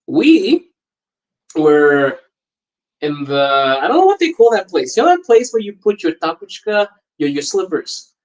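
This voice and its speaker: Laughing, animated man telling stories. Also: high voice, measured pace, rough recording. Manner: animated anecdotes, laughs often. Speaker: podcast host. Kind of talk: casual storytelling chat.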